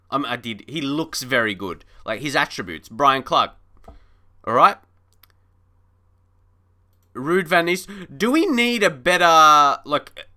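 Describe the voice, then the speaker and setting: High, bright and forceful, the voice belongs to a man casually commentating a football management game on stream. He chats and laughs with his chat, acting mock-frustrated.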